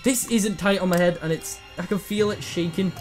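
Gamer man, high voice, jumpy horror commentary, curses and repeats himself. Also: moderate pace, faint music behind. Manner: nervous, swearing, repeats words in panic. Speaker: let's play gamer.

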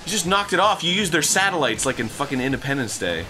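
A young man co-hosting a casual gaming chat, loud, profane and quick to laugh. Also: on the high side, very animated. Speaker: co-host. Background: game music.

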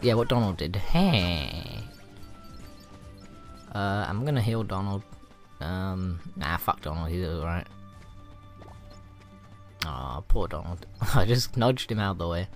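A young man with a fairly low voice talks over his own gameplay in a loose, rambling way. He swears often and gets riled quickly. Soft game music plays underneath. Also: expressive. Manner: profane, rambling and easily riled. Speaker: let's play gamer. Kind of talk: casual gameplay commentary.

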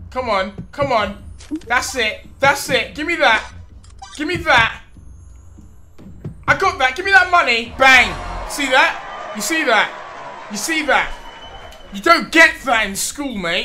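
A man doing comedic gaming vlog commentary, loud and swearing in frustrated outbursts. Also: very high-pitched, expressive, a little slow, pauses often, soft background music. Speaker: gaming YouTuber.

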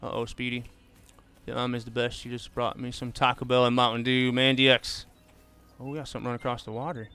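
Bright, crisp-voiced laid-back streamer guy. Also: medium pitch, level tone, fast talker, faint music behind. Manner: laid-back, drawls "man" and "bro" often. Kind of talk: casual live gaming commentary, chatting with viewers.

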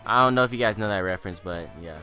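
A teenage boy hosting gameplay commentary, excitable, rambling and self-mocking. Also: on the low side, rapid-fire, soft background music. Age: teens. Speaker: gaming channel host.

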